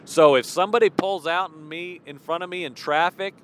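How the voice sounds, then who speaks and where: A man's voice: high voice, brisk. A man preaching an informal sermon in a conversational way, asking rhetorical questions and acting out imagined voices, recorded outdoors near traffic.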